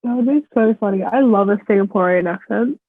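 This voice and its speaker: A woman's voice: mid-range voice, brisk, no room sound. A young Australian woman, a podcast guest, teasing and laughing often in casual chat over a call. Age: young adult. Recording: tinny phone-like call line.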